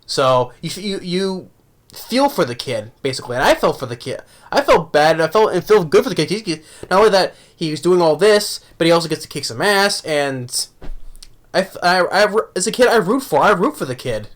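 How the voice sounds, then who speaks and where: A man's voice: high-pitched, expressive, normal speed. A young man casually reviewing a movie, rambling with many restarts and laughs.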